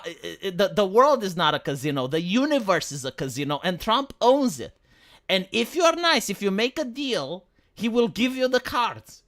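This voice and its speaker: A man's voice: sits high, pushed and bright. A man talking on a livestream in a rambling, profane, mocking rant.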